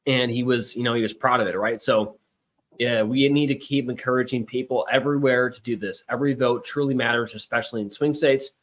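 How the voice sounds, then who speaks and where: A man's voice: medium pitch, steady tone, fairly quick, a bit bright. A middle-aged man hosting a casual political talk show, chatty and emphatic with rambling asides. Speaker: podcast host.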